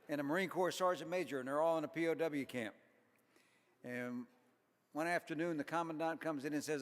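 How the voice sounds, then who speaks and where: An older man giving an after-dinner speech at a banquet, telling folksy jokes with deadpan punchlines and chuckling at his own jokes. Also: fairly high pitch. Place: large banquet hall. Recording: long hall reverb.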